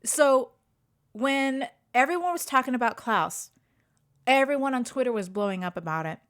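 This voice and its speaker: Brief: female co-host, casual chat, emphatic and enthusiastic, somewhat high voice. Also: expressive, normal speed, a bit bright. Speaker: podcast co-host. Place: home, live-streamed podcast.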